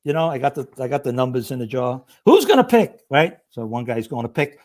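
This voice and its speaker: This middle-aged man, once a fire lieutenant and now retired, talks fast in a mid-range voice. On a podcast as a guest, he tells relaxed, animated stories and acts out the people in them.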